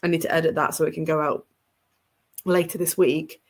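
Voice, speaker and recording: A young woman talks casually on a home reading stream, her voice stuffy and congested. She rambles along with frequent ums and little laughs, her pitch sitting a touch low for a woman. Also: flat delivery, a little fast. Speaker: reading livestream host. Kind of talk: casual livestream chat. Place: home room with bookshelves behind her.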